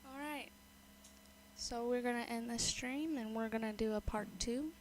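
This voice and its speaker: A woman's voice: a little high, normal speed, darkish tone, a little hiss or hum, rough recording. Sarcastic woman with a raised voice. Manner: sarcastic and exasperated. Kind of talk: livestream commentary.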